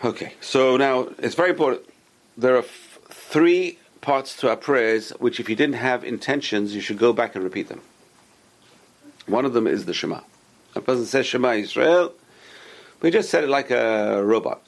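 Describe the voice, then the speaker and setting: Gravelly-voiced man teaching a Torah class. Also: medium pitch, normal speed. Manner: explanatory, repeats points, asks and answers his own questions. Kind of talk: casual Torah lesson.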